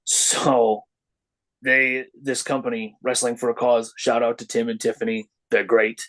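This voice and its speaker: Speaking a little slowly over poor audio, a middle-aged wrestler makes casual conversation as a podcast guest. He narrates anecdotes and acts out the voices within them, his pitch jumping lively.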